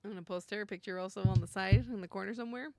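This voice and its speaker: A young woman streaming a story game, reading the lines aloud and reacting with emotional, gushing excitement and nervous laughter. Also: mid-range voice, racing, no echo. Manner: emotional, gushing and easily frightened, laughs often.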